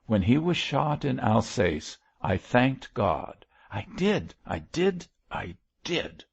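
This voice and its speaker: A man's voice: lowish voice, big pitch swings, unhurried, vocal fry, darkish tone, muffled recording, exaggerated voice. A man voicing a passionate, defiant middle-aged wife, speaking vehemently and emotionally.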